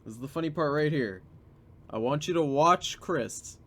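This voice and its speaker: A man's voice: fairly high pitch, normal speed, a bit bright. A man hosting a reaction commentary, sardonic and drawing out his points. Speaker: commentary host.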